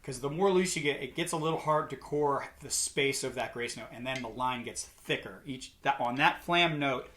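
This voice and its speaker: A man's voice: medium pitch, moderate pace, few pauses. A man giving a drum lesson, explaining rudiments and calling out counts while he plays. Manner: calls out counts and rudiment names loudly over drumming. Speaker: drum instructor. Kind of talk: instructional lesson, counting along while playing. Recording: loud drumming behind the voice.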